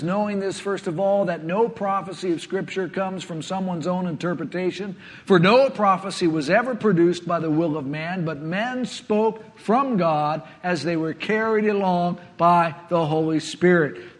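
A man preaching a sermon, earnest, often letting his voice sink to a hush before rising again. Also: fairly high pitch. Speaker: pastor. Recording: long hall reverb.

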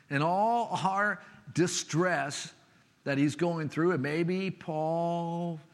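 A man preaching a sermon with expressive delivery, dropping to a soft, hushed voice for a personal story. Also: fairly high pitch, very slow. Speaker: pastor. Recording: long reverb of a large hall.

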